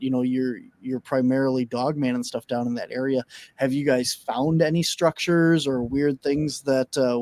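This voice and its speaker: A man's voice: mid-range voice, darkish tone, no room sound. Easygoing man hosting a live show. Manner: easygoing, jokey, with frequent fillers. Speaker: podcast host. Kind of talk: live online show chat.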